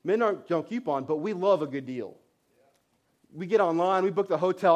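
High-voiced man telling a lively sermon story. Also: moderate pace. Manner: animated, self-mocking storyteller with frequent restarts.

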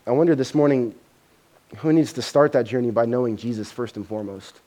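A pastor preaching a sermon, telling a story in an animated way that grows loud at its dramatic moments. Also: male voice, medium pitch, fairly quick.

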